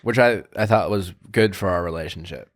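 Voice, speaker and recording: A man's voice: low voice, fairly quick, dry recording, studio quality. A man hosting a casual podcast chat, talking in a rambling way with many restarts and fillers. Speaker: podcast host.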